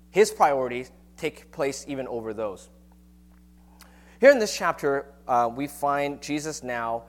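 A man preaching a sermon on a Bible passage in a relaxed, conversational teaching manner, with frequent rhetorical questions. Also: mid-range voice. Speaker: pastor.

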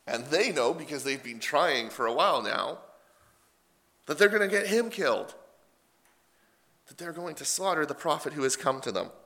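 A man preaching a sermon, retelling scripture in a casual, animated paraphrase. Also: a little high.

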